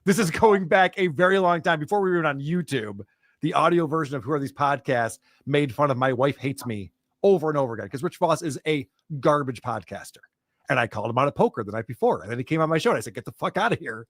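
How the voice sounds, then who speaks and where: A man's voice: a little high, fast talker, no echo, studio quality. A man who is a podcaster, defending himself in a combative, swearing way.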